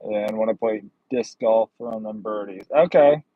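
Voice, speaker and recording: A man's voice: lowish voice, moderate pace, dry recording, phone-quality sound. A man livestreaming while driving deliveries, chatting casually and making joking, rambling asides from his car. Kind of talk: casual live-stream chat.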